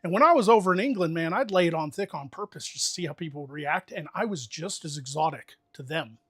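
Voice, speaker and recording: A man's voice: a little high, expressive, fast talker, fairly bright tone, slightly rough. A middle-aged man with a Southern US accent, casually telling stories on a podcast, laughing often and swearing freely. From American South. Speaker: podcast host. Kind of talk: casual chat.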